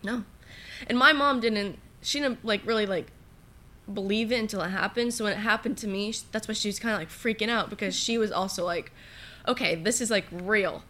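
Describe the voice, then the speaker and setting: A woman's voice: medium pitch, fairly quick, sharp tone. A teenage girl telling her story in a casual chat, full of fillers and acted-out quotes. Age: teens. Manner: chatty storytelling, many fillers, acts out quotes. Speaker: guest.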